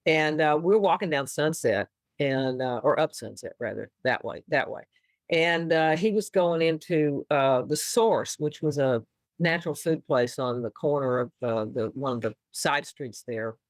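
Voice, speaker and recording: Her voice is low-pitched and moderately paced, captured dry. A Texan-accented woman from Austin, Texas, she's a musician in a casual interview, lively in her storytelling, frequently laughing and performing quotes.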